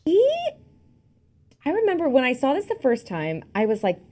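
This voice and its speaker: A woman's voice: on the high side, normal speed. A young woman co-hosting a podcast, chatting casually about a film and acting out lines she quotes. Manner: chatty, animated, acts out quotes. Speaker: podcast co-host.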